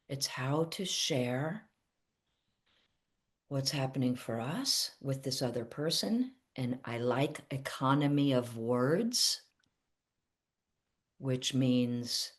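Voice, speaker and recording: A middle-aged woman therapist teaching casually to camera, animated, acting out little quoted exchanges and laughing at herself. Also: extremely low pitch.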